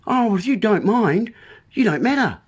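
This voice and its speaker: A man's voice: high-pitched, lively intonation, normal speed, husky. A man delivering a rambling monologue as host, full of playful wordplay and talking straight to the listeners as folks.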